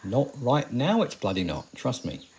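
A man's voice: mid-range voice, wildly swooping pitch, moderate pace, a little mellow. A man in his forties acting a weary, sardonic survivor of a zombie apocalypse in an audio drama, talking in dry, rambling asides. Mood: wry. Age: 40s.

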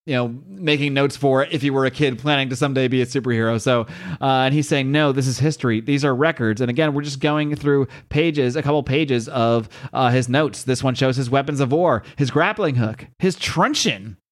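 A man's voice: medium pitch, brisk. A man hosting a podcast, giving an enthusiastic, chatty comic book recap and reading the dialogue aloud.

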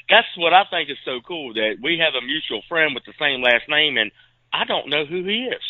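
A man co-hosting a casual podcast, chatty and quick to laugh. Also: fairly high pitch, no echo. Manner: animated, laughs easily, chatty storyteller. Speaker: podcast co-host. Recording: dry, tinny phone-like line.

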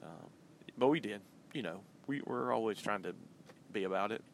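Man, podcast host, low voice with vocal fry, chatty and rambling, talking from his car. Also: normal speed, a little hiss or hum. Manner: loose and chatty, many ums and uhs. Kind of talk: casual rambling monologue. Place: in a car while driving.

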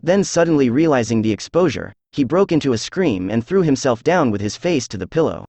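A synthesized male voice reading a classic detective story aloud, even and measured, with little change between characters. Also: mid-range voice, no room sound. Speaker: audiobook narrator. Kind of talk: scripted narration.

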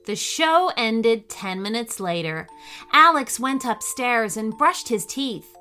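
A woman hosting and reading a children's story, cheerful and expressive, with faint music behind her. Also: fairly high pitch, slow pace. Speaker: host and storyteller.

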